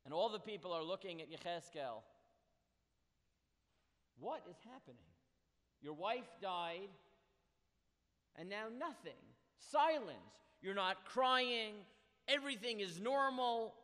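A man with a high voice teaches a text study lesson. He reads verses aloud and explains them with earnest emphasis. His voice carries a long hall reverb. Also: lively intonation, a little slow, long pauses, fairly bright tone. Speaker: Torah teacher.

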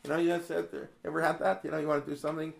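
Racing along in a fairly high, level voice with vocal fry, a man teaches a casual Torah study class over slight background noise. He asks plenty of rhetorical questions, quotes Hebrew verses, and digresses with many restarts.

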